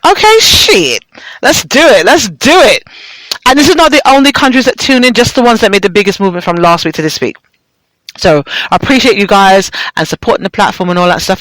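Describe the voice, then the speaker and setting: A woman hosting a casual, uncensored radio show, excitable and swearing freely as she talks straight to her listeners. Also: on the high side, dry recording, low-quality recording.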